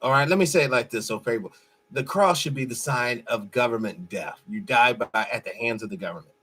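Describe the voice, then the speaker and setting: A man's voice: medium pitch, fairly quick, bright, forceful tone, breathy edge. A man hosting a show, giving blunt, profane and mocking commentary over a played clip. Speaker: host.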